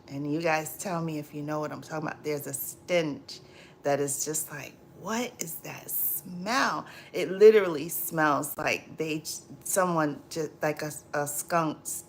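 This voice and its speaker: A woman talks to her livestream viewers in a relaxed, chatty way, reading their comments aloud. Her voice sits somewhat low. She speaks slowly, often pausing on "um" and repeating her phrases. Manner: chatty and unhurried, trailing off with ums and repeats. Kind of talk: casual livestream chat.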